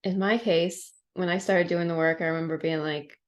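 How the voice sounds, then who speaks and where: A woman with a fairly low voice tells a personal story as a podcast guest. Her delivery is casual and reflective, and she leans on "like" and "you know" as she goes. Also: steady tone, moderate pace.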